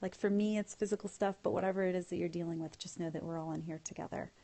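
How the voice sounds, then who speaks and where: Lower-voiced woman hosting a phone livestream. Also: fairly even intonation, fast, mellow. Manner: effusive, thanking viewers and blowing kisses. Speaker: livestream host. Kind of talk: casual livestream chat, reading out viewer comments.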